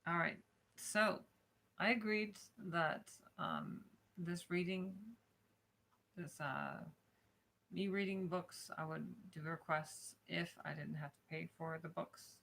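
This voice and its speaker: A woman's voice: lowish voice, big pitch swings, slow, gravelly, a bit bright. A woman streaming live, grumbling in frustration and swearing in casual chat before reading a book aloud.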